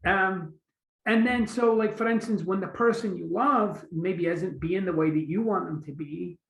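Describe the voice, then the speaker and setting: A Scottish man with a fairly high, gravelly voice talks as a guest in an echoey room. He speaks casually and animatedly, slipping into short acted-out quotes. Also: moderate pace. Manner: animated, acts out little quotes. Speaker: author and guest. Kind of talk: casual conversation.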